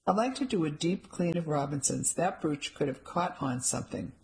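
A woman's voice: low voice, expressive, moderate pace, gravelly, darkish tone. Woman reading as a theatrical, wry woman friend, storybook dialogue.

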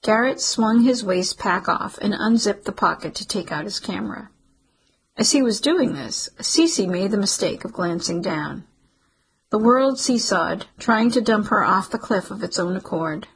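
A woman reads a novel aloud in steady, measured narration. Her voice is very husky and breathy, with a gravelly fry running through it. She tells the story at an even pace. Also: medium pitch, rough recording. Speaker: audiobook narrator. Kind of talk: scripted narration.

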